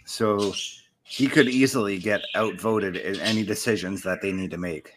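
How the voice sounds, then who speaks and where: A man's voice: fairly low pitch, moderate pace, noisy background. A man co-hosting a casual podcast, talking loosely with fillers and "you know". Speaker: podcast co-host. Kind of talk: casual chat.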